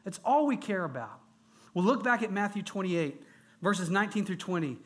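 A male pastor delivers a sermon with an unusually high-pitched voice. He speaks with earnest emphasis, piling up repeated phrases to drive his points home to a room of men. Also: lively intonation, normal speed, a bit bright. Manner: earnest, emphatic preaching with rising intensity and repetition. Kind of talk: sermon to a men's gathering.

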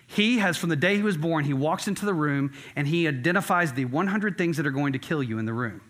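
A man's voice: fairly high pitch, expressive, quick pace, a bit bright. A middle-aged man preaching a sermon as a pastor. He tells stories in a conversational way and stresses his points earnestly. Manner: conversational storytelling with earnest emphasis.

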